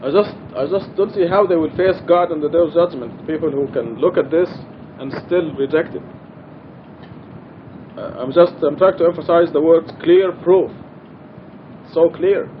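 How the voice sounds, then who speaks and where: A man's voice: moderate pace, pauses often. A middle-aged man giving an informal, earnest religious study talk in a mosque, explaining and emphasizing his points. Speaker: Quran study teacher. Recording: dull lo-fi archival recording with faint rumble.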